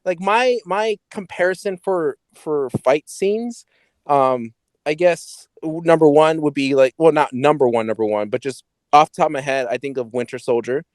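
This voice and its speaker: A man's voice: medium pitch, darkish tone, no room sound. A man co-hosting a podcast, chatting casually about a movie in a rambling way, correcting himself and swearing now and then. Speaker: podcast co-host. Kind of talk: casual movie review chat.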